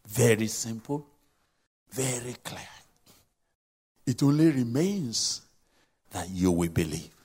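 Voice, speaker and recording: A man preaching a sermon, emphatic and repetitive, swinging between loud exhortation and hushed asides. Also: medium pitch, husky.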